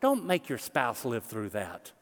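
A middle-aged man preaching a sermon as pastor, conversational and animated, joking with the congregation. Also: medium pitch, unhurried. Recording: long church hall reverb.

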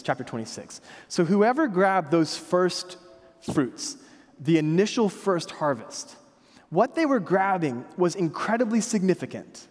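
A man in his thirties preaching a sermon in a church, telling stories with self-deprecating humor in a conversational way. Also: on the high side. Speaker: pastor. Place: church sanctuary. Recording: long hall reverb.

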